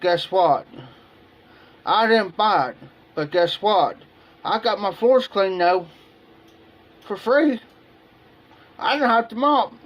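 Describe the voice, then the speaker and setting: An American man chats on his live stream, spinning a long anecdote and voicing both sides of the exchange. His voice sits high and his delivery is slow and drawn out, full of repeats and asides. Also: lively intonation. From United States. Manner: rambling anecdotes, repeats himself, acts out dialogue. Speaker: livestream host. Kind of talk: casual storytelling chat. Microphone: streaming setup, live video.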